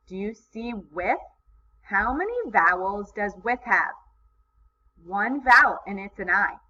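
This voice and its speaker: A woman teaching kindergarten in a recorded video lesson, with slow, encouraging, sing-song teacher talk. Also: medium pitch, bright, forceful tone. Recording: slightly dull lo-fi sound, faint background noise.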